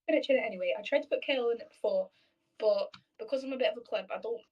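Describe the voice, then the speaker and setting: A woman's voice: fairly high pitch, rapid-fire, distant mic, dull audio. A young woman in casual chat on a video call, telling stories freely with swearing and acted-out quotes. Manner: chatty storyteller, swears freely, acts out quoted voices.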